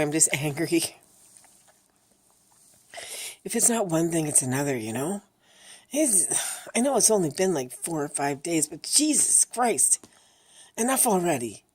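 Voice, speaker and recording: Very low husky exhausted woman. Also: a little mellow. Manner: emotional, blunt, swears freely. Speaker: vlogger. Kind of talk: candid personal vlog.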